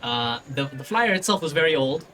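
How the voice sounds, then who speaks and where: A man's voice: a little high, lively intonation, a little fast, a bit bright, rough recording. A man narrating a tabletop game as game master, playful and chatty, with many restarts.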